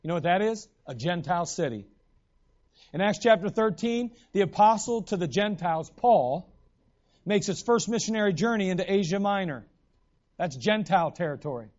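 A man preaching a sermon in an animated way, acting out the voices in the stories he retells. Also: sits high, moderate pace, dull audio.

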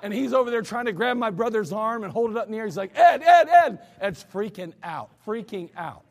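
A man preaching a sermon to his congregation, telling stories in a loose, conversational way with animated acted quotes, recorded in a church sanctuary. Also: sits high, brisk. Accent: American. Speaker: pastor. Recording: church hall reverb.

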